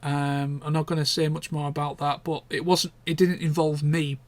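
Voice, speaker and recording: A man's voice: fairly high pitch, level tone, normal speed, dry recording. Rambling young Englishman, dry close sound. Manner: rambling, candid, with the odd swear word. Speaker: vlogger. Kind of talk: casual chat.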